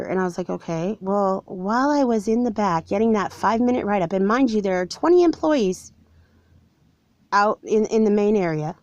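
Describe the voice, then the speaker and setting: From somewhere cold, a vlogger of forty earnestly shares a personal story of being wronged, sounding aggrieved. Her medium-pitched, darkish voice has lively intonation and a moderate pace. The recording is dry, and the audio is dull.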